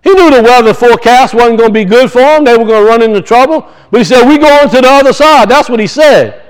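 A man's voice: very high voice, fast, clear, resonant tone, low-quality recording. A middle-aged man preaching a sermon as a pastor, talking conversationally, asking rhetorical questions and telling folksy stories.

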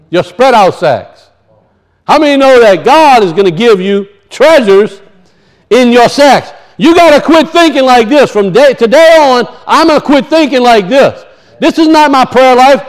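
A high-pitched male preacher delivering a sermon in a lively, animated way. He keeps turning to his listeners with questions and pressing home the point of each verse. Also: unhurried. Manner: animated, asks the audience questions.

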